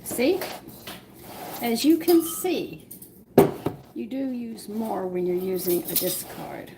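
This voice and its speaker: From her home kitchen, a cooking show host runs a live demonstration, chatting with viewers and explaining each step while kneading dough by hand. Her medium-pitched voice is slow-paced, and there is heavy background noise.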